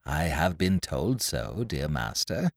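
Guy putting on a wavery high older lady, vain and clingy, pitch jumping all over, dry sound. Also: very animated, normal speed, no room sound. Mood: coy. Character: aging woman, pining nursemaid, wheedling and vain.

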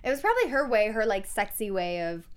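A woman's voice: medium pitch, sing-song, fast, clear, resonant tone. A young woman co-hosting a podcast, recapping a TV episode in casual chat and acting out quoted lines in playful voices.

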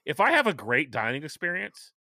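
A middle-aged man hosting a casual chat, talking chattily and stressing key points by slowing down. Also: fairly high pitch, huge pitch swings, sharp tone, no echo, clean studio sound. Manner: chatty, emphatic, repeats points slowly for stress.

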